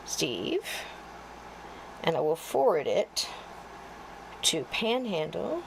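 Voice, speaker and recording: A woman's voice: fairly low pitch, sing-song, slow, gravelly, pauses often, noisy background. Chatty woman livestream host. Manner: chatty, talks to herself while fumbling with tech; folksy and jokey, greets viewers warmly by name. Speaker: podcast co-host. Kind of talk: casual livestream chat.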